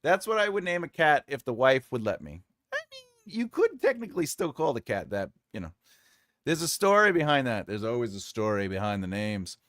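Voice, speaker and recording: Male stream host, jokey and rambling, lively pitch, dry close sound, mutters while writing. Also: fairly quick, no room sound. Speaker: writer and livestream host. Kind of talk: casual livestream chat while drafting.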